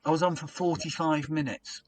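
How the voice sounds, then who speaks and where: A man's voice: a little high, normal speed. A man in casual chat, telling a comedy anecdote and acting out his old stage patter with rising energy. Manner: animated storyteller who acts out his own stage patter. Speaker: podcast guest, comedian.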